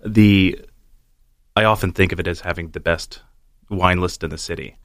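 A man's voice: low voice, fairly even intonation, moderate pace, fairly bright tone, no echo, studio quality. A man guesting as a restaurant front of house manager, speaking politely and agreeably. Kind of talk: casual interview chat. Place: studio.

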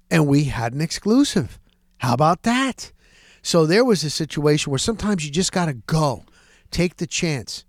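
A man hosting a podcast, telling sports-reporting stories in a casual, animated way and acting out the dialogue. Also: fairly high pitch, normal speed, dry recording, studio quality. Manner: animated, acts out quoted dialogue. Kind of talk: casual storytelling.

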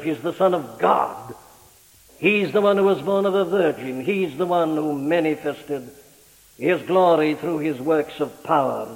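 A man's voice: a little mellow, in a large hall, poor audio. A man preaching a sermon with a dramatic, rhetorical delivery, his voice rising and falling sharply. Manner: dramatic, rhetorical preaching with wide swings in pitch and volume.

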